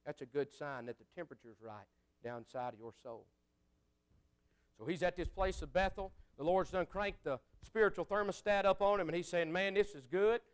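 A man preaching a sermon, folksy and conversational, swinging from fiery outbursts to quiet asides. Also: high voice, moderate pace, smooth.

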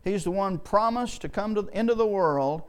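A man preaching a sermon in a folksy way, often repeating and restarting words and slowing down to read scripture. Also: high voice, clear, resonant tone.

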